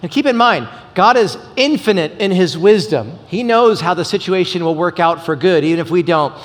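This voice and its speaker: A middle-aged man, a pastor, preaching a sermon with animated storytelling. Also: moderate pace. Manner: animated storytelling, voice jumps high for quoted exclaims. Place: church sanctuary. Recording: reverberant church sanctuary.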